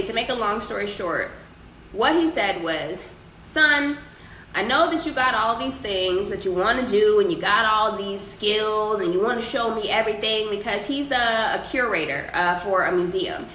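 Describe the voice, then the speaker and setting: A young woman running a relaxed livestream answers viewer comments with profane, offhand advice. Her medium-pitched voice is pushed and bright, with lively intonation and a moderate pace, and faint ambient noise echoes around the room.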